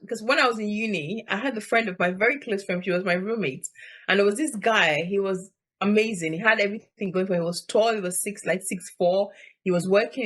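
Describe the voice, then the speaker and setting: Woman, talk show host, chatty and amused, reads viewer letters, mid pitch. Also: a bit bright. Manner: amused, keeps apologizing for laughing.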